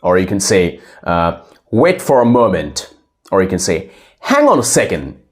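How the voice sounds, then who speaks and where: A man playing a polite young male student who answers his teacher slowly and repeats each example phrase. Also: sits low, sing-song, voice pushed down. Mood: explaining. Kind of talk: scripted classroom role-play.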